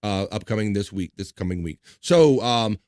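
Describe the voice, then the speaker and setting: A man's voice: on the low side, animated, moderate pace, a little mellow, dry recording. Guy hosting a live stream, loose rambling chat, dry close sound. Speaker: livestream host. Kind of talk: casual livestream chat.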